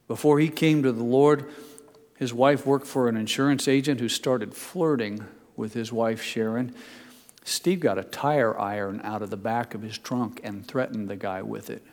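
An older man preaching a sermon as a pastor. He tells folksy personal stories and builds to emphatic high points. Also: unhurried, darkish tone, in a large hall. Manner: storytelling, folksy asides, builds to emphatic peaks.

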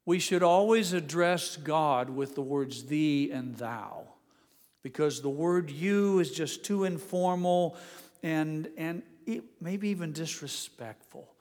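An older man delivers a sermon in a slightly high voice, spinning folksy family stories with gentle humor. His words ring out in a church sanctuary with a long, lingering reverb. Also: takes it slowly. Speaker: pastor.

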